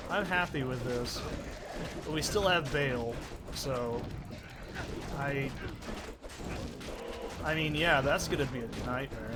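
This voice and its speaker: A young man casually commenting on his own gameplay as a let's play host, excitable and swearing often as he talks to himself. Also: mid-range voice, moderate pace, long pauses, background noise.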